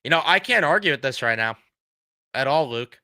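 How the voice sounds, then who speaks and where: A man's voice: mid-range voice, expressive, fairly quick, pushed and bright, dry recording, studio quality. A man hosting a fan reaction show, ranting bluntly and sarcastically about his team while losing his voice. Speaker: sports fan show host.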